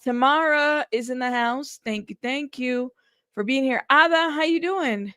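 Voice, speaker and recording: A woman's voice: sits high, a little slow, pushed and bright, smooth, dry recording, clean studio sound. A woman hosting a casual news livestream, chatty and greeting her viewers one by one by name.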